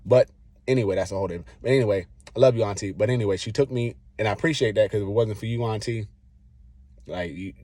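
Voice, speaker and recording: A man with a deep, low voice tells a personal story to camera in a loose, rambling way. He keeps slipping into what he said back then, in relaxed slang. The sound is dry and close, with no room echo. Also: fast talker. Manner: rambling, acts out his own past lines. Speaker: vlogger.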